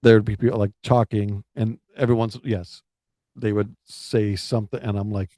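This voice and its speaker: A man co-hosting a casual chat, rambling through halting restarts. His voice is mellow and even-pitched. The sound is dry and close. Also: no room sound. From United States. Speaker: podcast co-host. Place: Florida.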